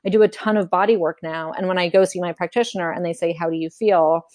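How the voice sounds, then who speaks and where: A woman's voice: on the low side, fairly even intonation, fast, a little mellow. A woman speaking frankly in a casual conversation, chatty, acting out quotes as she tells her story. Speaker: memoir author guest. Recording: podcast conversation.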